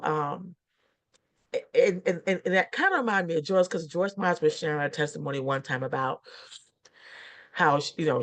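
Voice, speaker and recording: A middle-aged woman minister chatting casually, rambling and laughing through her stories with lots of fillers. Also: low-pitched. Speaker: guest minister. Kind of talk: casual chat.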